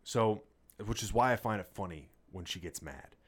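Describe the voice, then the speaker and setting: A man co-hosting a casual podcast chat, telling a profane, animated story. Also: fairly low pitch, normal speed, husky. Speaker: podcast co-host.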